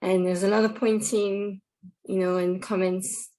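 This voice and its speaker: A woman's voice: medium pitch, little pitch movement, measured pace, dark tone, rough recording. A woman on a panel speaking as a parent, in a matter-of-fact, plain-spoken way. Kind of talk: live panel discussion.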